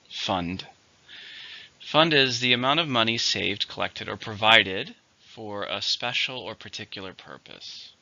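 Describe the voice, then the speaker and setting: A man with a low, strikingly bright and forceful voice teaches English vocabulary, counting syllables and stressing each word slowly. The recording is dull and lo-fi. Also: creaky. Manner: slow, careful teacher's delivery, spelling out syllables and stress. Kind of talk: vocabulary lesson.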